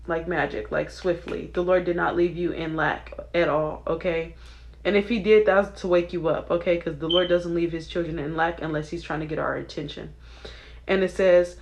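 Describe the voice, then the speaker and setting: This Christian video creator is a young woman whose voice sits on the low side. Chatty and excitable, she riffs spiritually on song lyrics in a casual way and keeps checking in with her audience.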